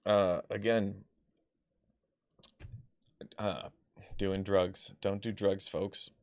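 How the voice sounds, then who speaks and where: A man's voice: deep voice, level tone, extremely slow, a little mellow, no room sound, studio quality. A man vlogging personal stories in a casual, rambling way, full of fillers, restarts and blunt swearing. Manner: rambling, filler-heavy, loses his thread.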